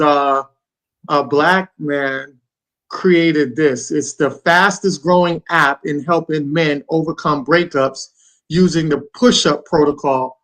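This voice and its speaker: Rambling man with a higher voice. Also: a bit bright. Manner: rambling, loose, repeats "you know what I'm saying". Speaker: podcast co-host. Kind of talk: casual chat.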